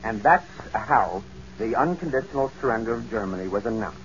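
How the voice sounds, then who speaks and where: Male radio correspondent, formal and measured, muffled old broadcast sound. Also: fairly low pitch, animated, slight background noise. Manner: formal, measured reporting with occasional slips. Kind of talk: 1940s live radio news report.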